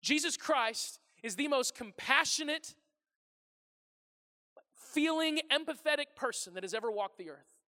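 High-voiced pastor preaching in a reverberant hall. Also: male voice, animated, a little slow, pushed and bright. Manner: conversational preacher, acts out quotes, asks the crowd questions. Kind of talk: sermon. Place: church sanctuary.

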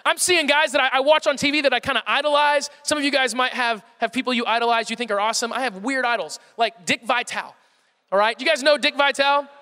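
Young male storyteller, high and bright, self-mocking and animated, heard in a reverberant hall. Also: quick pace, smooth. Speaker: speaker addressing a live audience. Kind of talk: comic storytelling talk.

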